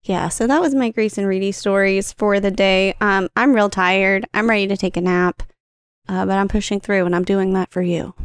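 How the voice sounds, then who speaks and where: A woman in her thirties co-hosts a podcast, chatting casually as she tells stories and acts out her kids' voices. Her medium-pitched voice is smooth and steady, at a moderate pace, and the studio-quality recording has no echo.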